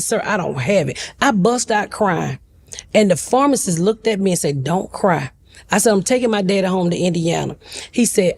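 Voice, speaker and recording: A woman's voice: mid-range voice, a little mellow. A middle-aged woman, a talk-show guest telling a family story bluntly and animatedly, with comic asides.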